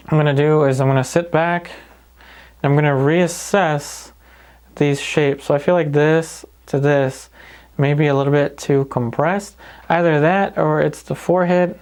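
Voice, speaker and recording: A man calmly talking through each step of a painting lesson in an easygoing way. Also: fairly high pitch. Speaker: painting instructor. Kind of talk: paint-along tutorial narration.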